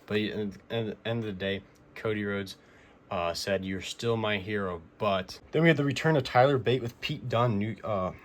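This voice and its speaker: A young man with a lowish voice talks through a casual recap vlog, excited and rambling, often stopping to restart a phrase. A faint noise sits under the recording. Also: moderate pace. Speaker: wrestling figure collector recapping the week.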